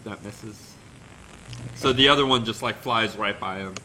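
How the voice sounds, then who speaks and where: A man with a low voice runs a tabletop game as its master, describing the action in a loose, rambling manner. He talks casually and lets out the odd chuckle, over a faint hiss. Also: unhurried, bright, forceful tone, poor audio.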